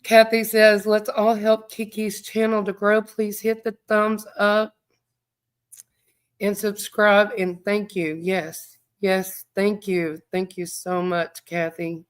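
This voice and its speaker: A woman's voice: mid-range voice, flat delivery, slow, clean tone. A middle-aged woman, hosting a livestream, speaking heartfelt and near tears, with a stuffed-up voice while she reads viewer comments aloud. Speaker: true crime livestream host. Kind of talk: emotional livestream chat.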